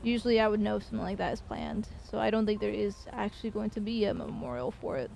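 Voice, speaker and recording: A woman game streamer in casual chat with her viewers, loose and chatty, swearing and pausing with fillers. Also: mid-range voice, gravelly, darkish tone, a little hiss or hum.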